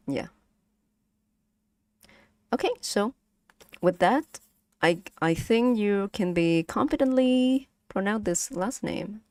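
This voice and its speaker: Slow, halting woman with a Vietnamese accent. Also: medium pitch, lively intonation, darkish tone, no room sound. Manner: slow, halting, many fillers and repeats, laughs often. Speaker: streamer teaching Vietnamese. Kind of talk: casual language lesson stream.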